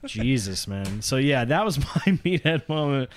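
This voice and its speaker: A man's voice: mid-range voice, big pitch swings, a little slow, crowd noise. A man co-hosting a podcast in casual banter, crude and joking, laughing often. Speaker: podcast co-host.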